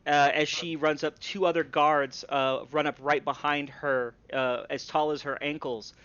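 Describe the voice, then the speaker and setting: A man's voice: a little high, steady tone, measured pace, a bit bright, clear, resonant tone, no room sound. A man narrating a tabletop game as game master, casual and rambling with many fillers. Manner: rambling, lots of fillers and restarts. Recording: dull lo-fi stream audio.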